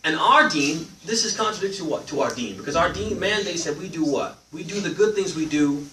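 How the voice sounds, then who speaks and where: A man with a bright, fairly high voice teaches a live religious class in an animated way, throwing questions back at his listeners. His pitch rises and falls a lot. The recording is roomy and picked up from some distance, with faint noise behind. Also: brisk. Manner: animated, asks the audience questions and lets them answer. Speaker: Islamic teacher.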